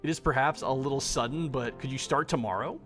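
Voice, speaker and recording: A man's voice: medium pitch, fast talker, a bit bright, faint music behind, lightly acted. A man voicing an elegant, dignified older male parakeet who owns a café, reading a dating sim aloud with formal, old-fashioned politeness. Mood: courteous.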